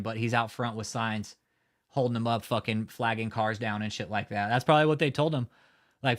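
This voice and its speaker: A man's voice: mid-range voice, fairly even intonation, a little fast, fairly bright tone. A man hosting a live stream, talking in a heated, profane rant and often swearing. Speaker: livestream host. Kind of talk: angry live-stream commentary.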